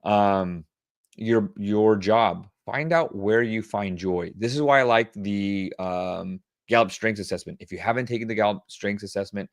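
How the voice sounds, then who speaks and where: In a clean studio recording with no echo, a middle-aged webclass host with a lowish voice responds to audience questions on wellbeing at a moderate pace. His delivery is conversational and coaching, peppered with fillers.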